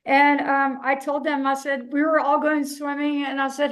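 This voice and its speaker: High-voiced woman telling her story. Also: level tone, normal speed, hardly any pauses, poor audio. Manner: candid, conversational, repetitive restarts. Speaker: panelist. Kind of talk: personal story on a panel.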